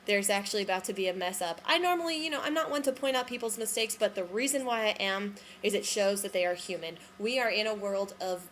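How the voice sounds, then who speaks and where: A woman's voice: mid-range voice, quick pace, few pauses, fairly bright tone, slight background noise. A woman giving casual commentary on musical theatre recordings, chatty and hedging, with frequent ums and self-corrections. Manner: unsure, hedging her opinions.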